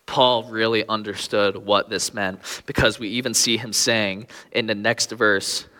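A man's voice: fairly low pitch, fairly even intonation, a little slow, pushed and bright, in a large hall. A young man preaching a sermon with earnest, pleading emphasis on key phrases.

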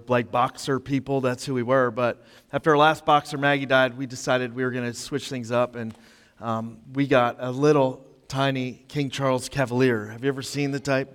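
A man's voice: medium pitch, a bit bright, clean tone. A man preaching a sermon in a casual, conversational storytelling way, full of fillers. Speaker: pastor. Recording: long hall reverb.

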